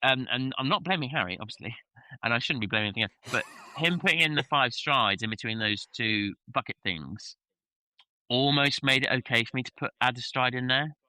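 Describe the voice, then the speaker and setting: A man's voice: mid-range voice, expressive, a little fast, sharp tone, dry recording, poor audio. A man, co-hosting a podcast as an event rider and talking candidly and self-critically in casual chat, with many fillers and the odd swear word.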